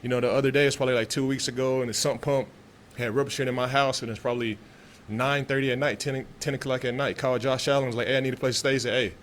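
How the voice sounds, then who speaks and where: A man's voice: mid-range voice, fairly even intonation, quick pace, few pauses, slight background noise. A man from Texas, a pro football player answering press questions in a loose, laid-back way with many restarts.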